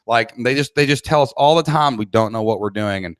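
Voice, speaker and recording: A man's voice: mid-range voice, a little fast, smooth, no room sound, studio quality. A middle-aged man with a Southern American accent, coaching an online business class on a live stream, blunt and pushy, reading out chat questions and urging his viewers to get moving. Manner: blunt, pushy, energetic pep talk. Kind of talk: live-streamed training session. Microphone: cheap desk mic at laptop.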